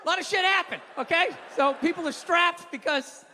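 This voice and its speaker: A middle-aged man doing a loud, swearing stand-up rant on stage, heard with the reverb of a live hall and an audience. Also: very high-pitched, moderate pace. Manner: loud, ranting, swearing, mocking. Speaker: stand-up comedian. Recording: live hall with crowd and faint noise.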